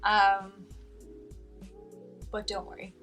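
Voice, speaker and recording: A young woman vlogs in an earnest, rambling way, often restarting her sentences. Her voice is bright and sharp. She sits a little back from the mic, with faint music underneath. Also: mid-range voice, monotone, drawn-out words, recorded from a distance, muffled recording. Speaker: vlogger. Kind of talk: heartfelt casual vlog.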